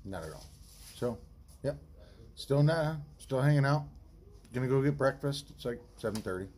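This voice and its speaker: A man's voice: mid-range voice, animated, normal speed, darkish tone, slight background noise. A man vlogging on a long hike, talking casually to the camera and ranting in a tired, annoyed way. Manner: ranting, annoyed and tired, swears then apologizes. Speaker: long-distance hiker vlogger.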